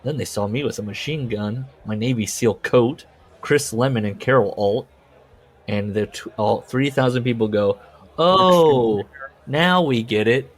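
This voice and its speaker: A man's voice: fairly low pitch, moderate pace. A man co-hosting a casual podcast chat, reading book passages aloud and joking about them. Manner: reads book passages aloud with jokey asides. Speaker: podcast co-host.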